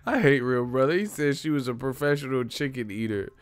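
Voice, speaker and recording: A man's voice: mid-range voice, clean tone, no echo. A young man hosting a livestream, telling profane stories in a casual comedic rant and reading out names from the chat, close to the mic. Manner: profane, storytelling, reads chat names, laughs loudly. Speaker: livestream host.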